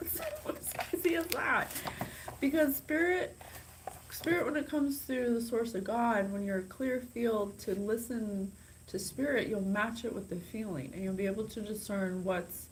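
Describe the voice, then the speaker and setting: A woman hosting a psychic channel, talking casually and excitably straight to her viewers. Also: medium pitch, normal speed, a little hiss or hum, rough recording. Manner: chatty, bubbly, gushing and excitable. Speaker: psychic podcast host. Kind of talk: casual direct-to-camera talk.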